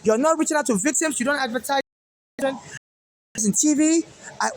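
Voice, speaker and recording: A man's voice: very high voice, moderate pace, dry recording. A man from Nigeria with a Nigerian accent, rambling in an agitated monologue with many fillers and restarts. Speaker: activist vlogger. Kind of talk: monologue to camera.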